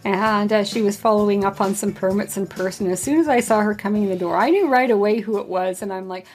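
A woman's voice: mid-range voice, a little fast, few pauses, a little mellow. A middle-aged woman hosting her own podcast, telling a workplace story in a casual way and often laughing as she goes. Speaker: podcast host.

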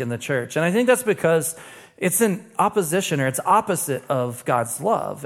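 A young man delivers a sermon from the pulpit with a fairly high voice. He talks to the congregation in a relaxed, conversational way, then slows down and drops his voice for weighty lines. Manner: conversational preacher, dramatic pauses, acts out quoted dialogue. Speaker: pastor.

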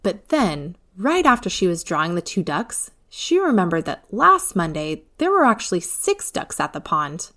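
A woman narrating a children's storybook in a clear, even reading voice. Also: fairly low pitch, normal speed, hardly any pauses.

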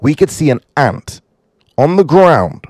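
A man casually reading out fun facts, joking and riffing on them in quick asides. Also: a little high, husky, no room sound. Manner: animated, jokey, asides to himself. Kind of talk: casual fun-fact commentary.

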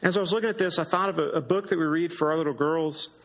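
A man's voice: quick pace, fairly bright tone, poor audio. A man preaching an earnest sermon as pastor, lifting his voice for emphasis. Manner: earnest, rises in pitch for emphasis.

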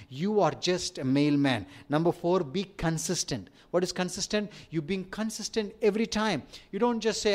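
A man's voice: high-pitched, moderate pace, hardly any pauses. A middle-aged man with an Indian accent, preaching a sermon with rising emphasis and light humorous asides. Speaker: pastor.

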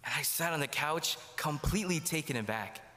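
A man's voice: a little high, animated, a little fast, bright, forceful tone. A man giving a sermon testimony in a church, telling his story and acting out the dialogue. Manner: storytelling, acts out quoted dialogue. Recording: long hall reverb.

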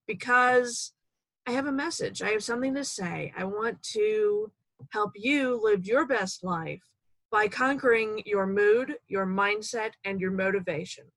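A woman's voice: medium pitch, fairly bright tone, dry recording, poor audio. A woman hosting a motivational podcast, speaking in an upbeat, playful way close to the mic. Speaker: podcast host.

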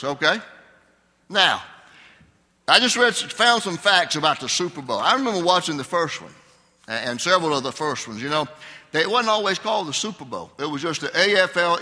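In a church sanctuary with long hall reverb, an older man delivers a conversational Sunday sermon and questions his congregation. He is a pastor, and his voice is fairly high with a sharp tone.

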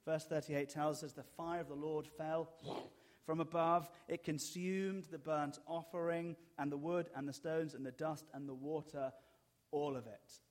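A man preaching a sermon, animated and wryly humorous, hammering points home with repetition. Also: on the high side.

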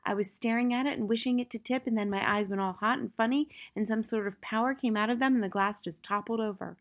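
Matilda, a calm clever little girl, read by a woman. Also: a little high, fast, natural voice. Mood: earnest. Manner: plain, quietly sure, polite. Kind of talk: audiobook character reading.

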